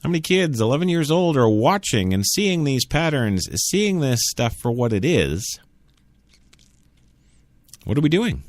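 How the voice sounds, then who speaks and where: A man holds forth alone on his talk radio show, sarcastic and opinionated. His pitch leaps up and down with a lot of life. The sound is dry and close, right on a studio mic. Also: sing-song, measured pace, long pauses, dry recording. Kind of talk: solo talk radio monologue.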